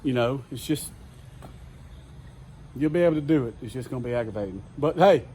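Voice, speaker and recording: A DIY truck vlogger with a Southern US accent rambles through a repair in his home garage, casual, profane and exasperated. His voice is medium-pitched, mellow and animated, and he talks at a brisk clip over a slight hiss or hum.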